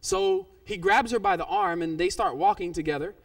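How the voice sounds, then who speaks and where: A male pastor telling a story in a sermon, animated, with his loudness rising and falling. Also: high voice, moderate pace, gravelly, recorded from a distance.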